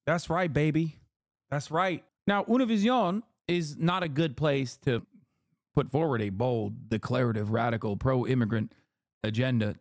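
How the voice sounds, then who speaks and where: A man's voice: mid-range voice, animated, moderate pace, no room sound, studio quality. A man streaming live, reacting to news clips with casual, profane, sarcastic commentary and mocking quoted voices.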